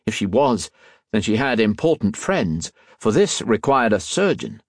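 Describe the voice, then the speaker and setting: This male audiobook narrator has a lowish voice and tells the story in a measured, expressive way. It's studio quality, with no room sound.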